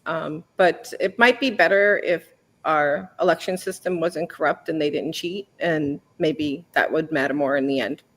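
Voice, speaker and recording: A woman answering game show questions over a video call, wry with jokey asides. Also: fairly low pitch. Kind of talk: casual answers.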